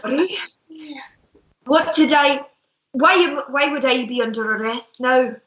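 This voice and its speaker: Woman doing a tavern keeper, pirate swagger, huffy, bright tone, slow delivery. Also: high voice, roomy sound, poor audio. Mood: indignant. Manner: blustering, indignant. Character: gruff human man tavern owner with pirate airs.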